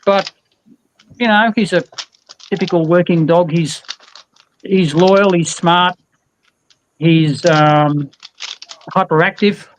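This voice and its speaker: A man's voice: high-pitched, slow, long pauses, slight background noise, low-quality recording. A man chatting casually on a livestream, easygoing and a little hesitant. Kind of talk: casual live chat.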